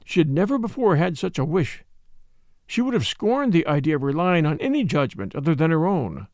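A man narrates an audiobook in a deliberate, expressive way. His voice sits high and moves widely in pitch, with a gravelly fry. The sound is close and dry. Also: dry recording. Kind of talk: dramatic audiobook reading.

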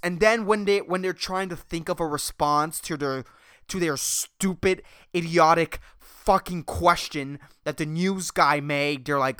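A man's voice: fairly high pitch, measured pace, fairly bright tone, clean tone, dry recording, studio quality. A man hosting a solo podcast, rambling and ranting with lots of profanity. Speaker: podcast host. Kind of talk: casual solo podcast monologue.

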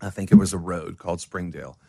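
A man's voice: low voice, steady tone, fast, creaky, darkish tone, breathy edge, no room sound. Male musician guest, rambling and self-deprecating, dry close sound. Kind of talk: casual interview storytelling.

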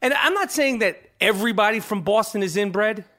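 A man's voice: high voice, animated, fairly quick, bright, forceful tone. A man hosting a sports podcast and reading an ad, talking in a brash, profane, rambling way that keeps checking in with "okay?". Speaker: podcast host. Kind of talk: sports talk and host-read ad.

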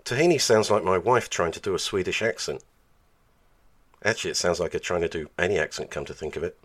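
A man's voice: sits low, fast, breathy edge. A man narrating a documentary in a dry, mocking, scripted way.

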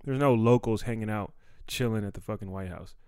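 A man's voice: lowish voice, fairly quick, a little mellow, clean tone, no room sound. A young adult man from the Washington, D.C. area, a comedian telling a story in a casual monologue, laid-back and profane. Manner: laid-back, profane, acts out quoted dialogue.

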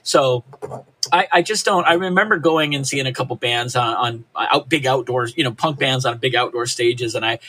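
A man's voice: mid-range voice, normal speed, sharp tone. An older man from Reno, a punk musician guest, talking casually in a podcast interview with many restarts and "you know"s. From Reno, Nevada, USA.

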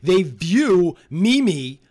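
A young man co-hosting a podcast, reacting to a live watch-along in an animated, laughing way. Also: high-pitched, drawn-out words. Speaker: podcast co-host.

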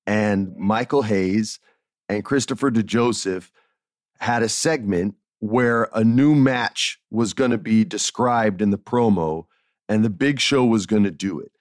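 Animated storytelling male podcast host. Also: fairly low pitch, unhurried, no echo, clean studio sound. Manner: animated storytelling, swears freely. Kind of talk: casual interview chat.

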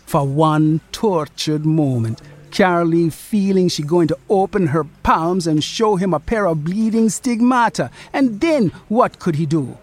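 A narrator reading a literary story in a slow, rhythmic, lingering way. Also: medium pitch, animated, a little mellow.

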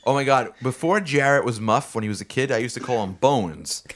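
A man's voice: mid-range voice, brisk, a bit bright. A man co-hosting a podcast, chatting casually with friends and often restarting his sentences. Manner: hesitant, stammering restarts. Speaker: podcast co-host. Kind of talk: casual chat.

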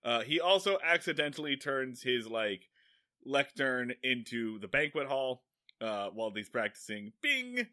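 A man in casual podcast chat, recapping a TV episode with animated, sarcastic jokes. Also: mid-range voice, measured pace, no room sound, clean studio sound. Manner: animated, joking, sarcastic asides. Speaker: podcast co-host.

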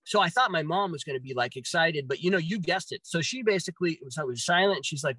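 A man tells a personal story in casual talk, his voice sitting a little high. He is animated, swears freely and acts out his own reactions. The sound is dry and close, with no room around it. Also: fast, husky, dry recording, low-quality recording. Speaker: guest telling a personal story.

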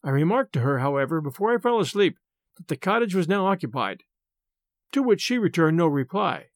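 Animated, high-voiced male storyteller. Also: brisk, dry recording, studio quality. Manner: expressive, animated first-person storytelling. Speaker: audiobook narrator. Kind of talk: scripted narration of a classic story.

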